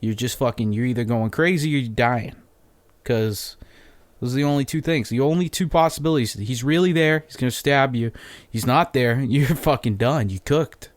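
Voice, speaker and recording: A man's voice: mid-range voice, normal speed, no room sound. A man hosting a solo podcast, telling a story in a rambling, profane, off-the-cuff way, a little phlegmy. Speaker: podcast host.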